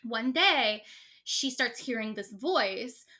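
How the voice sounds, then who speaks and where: A woman co-hosting a podcast, casually retelling a story in an animated, rambling way with many asides. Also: fairly high pitch, takes it slowly. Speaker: podcast co-host.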